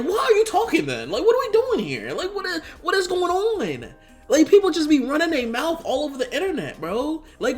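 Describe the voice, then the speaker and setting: A man delivering an exasperated, sarcastic and profane rant as a commentary video host, mocking the critics he quotes. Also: high-pitched. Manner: mocks critics in quoted asides. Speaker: YouTube commentator. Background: faint background music.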